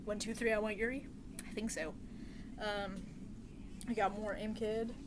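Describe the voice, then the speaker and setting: A young woman rambling through a casual vlog chat, full of slang, fillers and side tangents. Her voice sits at an ordinary middle pitch for a woman. A clear steady hiss of noise runs under the whole home recording. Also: measured pace. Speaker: vlogger.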